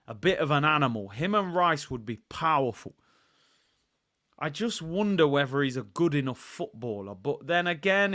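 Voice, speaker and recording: A man's voice: a little high, pushed and bright. A man hosting a football vlog in casual talk, chatty and opinionated, with plenty of slang, speaking straight to his viewers. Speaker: football channel host.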